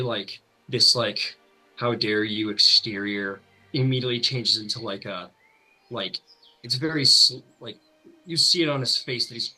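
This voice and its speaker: Bright, husky-voiced man running the game. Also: mid-range voice, poor audio. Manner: loose, filler-heavy, many "like"s. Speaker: game master. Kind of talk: narrating a tabletop game.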